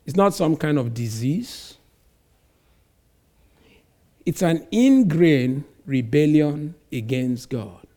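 A man preaching a sermon, reading scripture slowly and stressing words with sudden loud emphasis. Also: a little high, animated.

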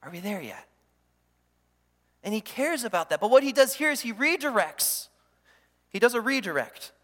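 A man preaching a sermon as pastor, animated, acting out the voices he quotes. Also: extremely high pitch, a little fast. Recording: long hall reverb.

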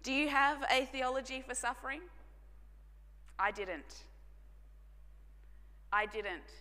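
Aussie woman pastor giving a sermon testimony, bright clear voice, big echoey hall. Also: high-pitched, slow. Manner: earnest storytelling, drops to soft hushed tones for emphasis. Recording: long hall reverb.

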